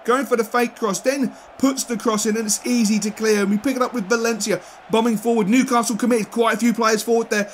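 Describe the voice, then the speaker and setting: High-pitched man, excitable, football game commentary, faint hiss behind. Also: brisk, hardly any pauses. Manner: excitable, swings from rants to mutters. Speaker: gaming YouTuber.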